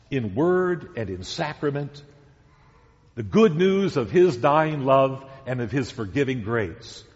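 Slow, lively-voiced preaching man. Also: mid-range voice. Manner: deliberate, emphatic preaching with repeated key words. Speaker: pastor. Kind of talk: sermon. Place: church sanctuary. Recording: dull sound with long church reverb.

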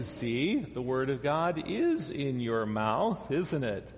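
A man giving a children's sermon as pastor, gently asking the children questions and coaxing answers. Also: medium pitch, very animated, takes it slowly. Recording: dull sound in a long-echo church hall.

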